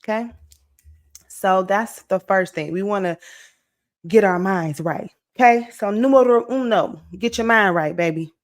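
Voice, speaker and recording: A woman about to turn forty, giving an energetic, encouraging motivational talk to her viewers, checking in often with "okay?" and "right?". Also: mid-range voice, a little slow. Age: late 30s. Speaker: motivational vlogger. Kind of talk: casual motivational talk to camera.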